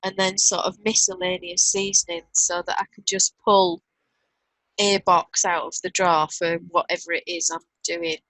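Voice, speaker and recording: A woman's voice: lowish voice, level tone, normal speed, fairly bright tone, no room sound, poor audio. A middle-aged woman with a Northern English accent, co-hosting a casual online chat and reading out viewer comments. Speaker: co-host. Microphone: video call.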